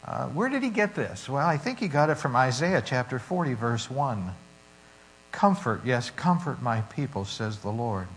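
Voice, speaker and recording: A man preaching, reading a story and scripture with dramatic shifts in loudness. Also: mid-range voice, big pitch swings, normal speed, hardly any pauses, low-quality recording. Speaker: pastor.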